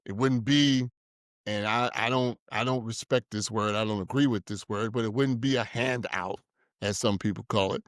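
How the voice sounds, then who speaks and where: A man's voice: on the low side, steady tone, moderate pace, fairly bright tone, no echo, clean studio sound. A man hosting a podcast discussion, ranting in a heated, profane way. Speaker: podcast host.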